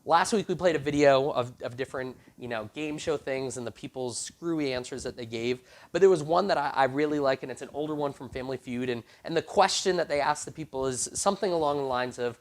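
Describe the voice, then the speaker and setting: A man's voice: medium pitch, quick pace, few pauses. A man preaching to a youth group, retelling a Bible story casually and acting out the characters' lines. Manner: animated, acts out quoted characters with casual slang. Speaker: youth pastor.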